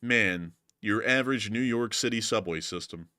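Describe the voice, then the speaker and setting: A man's voice: lowish voice, normal speed, no room sound, studio quality. A man hosting a war news show, giving casual, joking commentary over battle footage. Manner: joking, animated, self-mocking.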